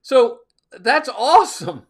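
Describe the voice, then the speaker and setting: A man's voice: very high voice, very animated, takes it slowly, creaky. A man hosting a casual live stream, upbeat, laughing often and greeting viewers by name. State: out of breath.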